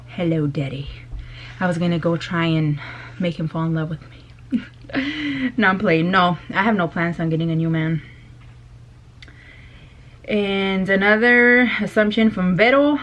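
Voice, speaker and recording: A woman vlogger chatting casually to her camera, loud and bubbly, laughing often. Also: fairly low pitch, unhurried, long pauses. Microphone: compact camera.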